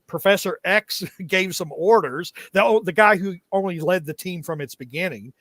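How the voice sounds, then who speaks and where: Higher-pitched guy riffing on old comics, laughs a lot, dry close mic. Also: moderate pace, no room sound. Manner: animated, laughs often, mock-reads comic dialogue. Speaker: comic book podcast host. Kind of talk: casual chat.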